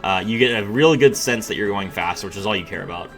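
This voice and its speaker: A man's voice: on the low side, fast, soft background music. A man giving casual, blunt commentary while rating game animations, with many filler words. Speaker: game reviewer host.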